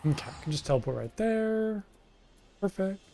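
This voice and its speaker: A man's voice: sits high, big pitch swings, moderate pace, gravelly, mellow, soft background music. A man casually commenting while streaming a game, with hesitant, mumbled asides at a close desk mic.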